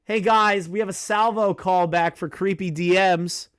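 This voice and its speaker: Swearing, shrieking young livestream host. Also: male voice, high-pitched, fairly even intonation, normal speed, smooth, no room sound, studio quality. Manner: swears freely, swings into loud shrieking disbelief. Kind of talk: casual livestream commentary. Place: his apartment.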